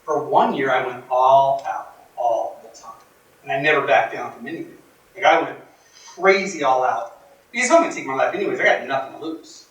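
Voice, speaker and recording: A man giving a motivational workshop talk, telling stories in a dramatic, emphatic way that swings from hushed to loud. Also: medium pitch, brisk, dull audio. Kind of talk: storytelling speech to a live audience. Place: workshop room. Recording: echoey room from far off.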